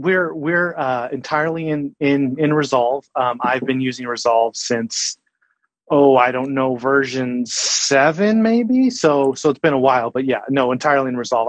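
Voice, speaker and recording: A man answering interview questions in a calm, measured way. He pauses often and restarts his sentences as he thinks. The recording is dry and close, with no room sound. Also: mid-range voice, dry recording, low-quality recording. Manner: measured, thoughtful, hesitant with ums and restarts. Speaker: guest, senior colorist. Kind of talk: casual interview chat.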